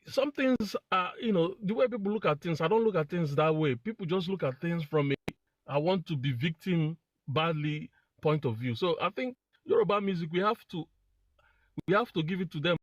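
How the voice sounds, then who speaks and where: A man from Nigeria calling in to a live discussion, sharing his opinion in a halting way with repeated words. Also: sits high, expressive, no room sound, rough recording. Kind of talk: casual opinion talk.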